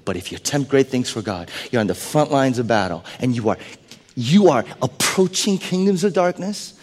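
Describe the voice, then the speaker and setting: A male pastor preaching a sermon to his congregation. He swings between loud emphatic lines and hushed, whispered asides. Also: mid-range voice, sing-song, moderate pace. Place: church sanctuary. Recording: long hall reverb.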